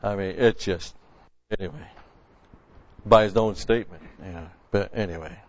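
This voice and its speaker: A man's voice: deep voice, moderate pace, muffled recording. A man preaching a conversational sermon, folksy and blunt, quoting scripture and restarting his sentences often.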